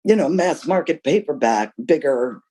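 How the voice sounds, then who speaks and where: Lively older woman telling stories. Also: sits low, normal speed, poor audio. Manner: candid, emphatic, with lively storytelling. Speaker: guest author. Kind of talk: interview answers.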